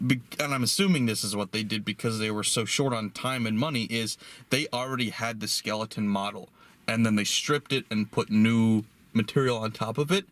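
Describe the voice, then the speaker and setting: A young man co-hosting a casual movie review chat, animated and fond of acting out lines in mocking voices. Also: lowish voice, brisk. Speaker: podcast co-host.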